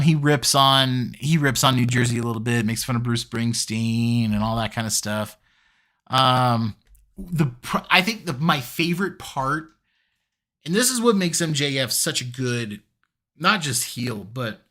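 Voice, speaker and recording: A man's voice: mid-range voice, bright, forceful tone. A man giving a casual solo review of a wrestling show, chatty with lots of fillers and easy laughs.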